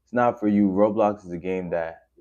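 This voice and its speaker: Laid-back low-voiced man streaming. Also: normal speed, darkish tone. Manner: laid-back, rambling, slangy. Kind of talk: casual stream chat reacting to videos. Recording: slightly dull lo-fi audio.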